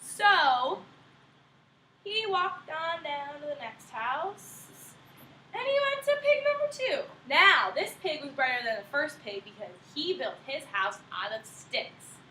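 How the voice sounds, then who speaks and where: A woman reads a storybook aloud in an animated, expressive way, her high voice bright and swooping. She sounds distant and echoey, as if recorded from across a room, with faint ambience behind her. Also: unhurried, slight background noise. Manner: animated and expressive, laughing along with listeners. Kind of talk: reading a picture book aloud.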